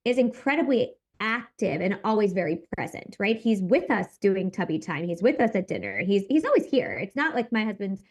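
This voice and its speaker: A woman in her thirties, a podcast guest, telling a personal story in an animated, emphatic way. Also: medium pitch, moderate pace, few pauses. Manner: animated, emphatic retelling with acted quotes. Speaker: podcast guest, content creator.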